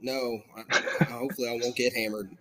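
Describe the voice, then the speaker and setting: A man's voice: mid-range voice, animated, moderate pace. A man with a South Georgia accent, a podcast guest talking eagerly in casual chat. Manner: eager, many fillers and restarts.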